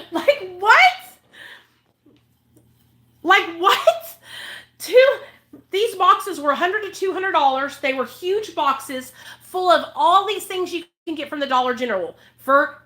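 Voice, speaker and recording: A woman's voice: high voice, pushed and bright. A woman vlogger who works as a recovery advocate, delivering an angry, profane rant straight to her viewers and hammering each point again and again. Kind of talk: heated rant to camera.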